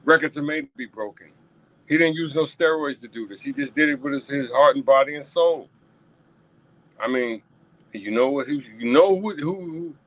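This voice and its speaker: Speaking straight to his audience, this New Yorker riffs on his own show with emphatic, repetitive casual commentary. His voice is fairly high and moderately paced, recorded without echo but in poor quality.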